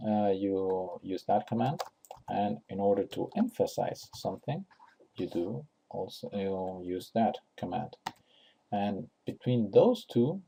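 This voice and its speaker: Slow, gravelly-voiced man explaining software. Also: lowish voice, slight background noise. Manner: unscripted, many fillers and restarts, thinking aloud. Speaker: tutorial host. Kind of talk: screen-recorded software tutorial.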